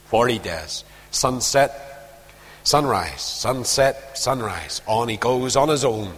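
A man's voice: medium pitch, lively intonation, slow, breathy edge. Dramatic preacher man in a big hall. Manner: dramatic storytelling, swinging from loud urgency to hushed near-whispers. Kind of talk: sermon.

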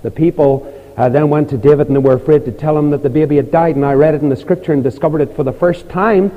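A man preaching an evangelistic sermon in a church, pleading fervently and climbing high on his appeals. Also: fast talker, phone-quality sound. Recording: long reverb of a large hall.

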